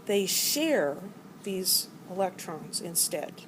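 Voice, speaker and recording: Woman, middle-aged, chemistry lecture, playful, classroom, mid-pitched voice, faint background noise. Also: lively intonation, unhurried, darkish tone, poor audio. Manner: playful, acts out atoms as characters. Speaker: chemistry teacher. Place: college classroom.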